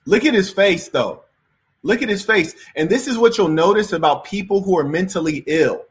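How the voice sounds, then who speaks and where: A man's voice: high voice, animated, normal speed. A man giving reaction commentary in a preachy, moralizing way.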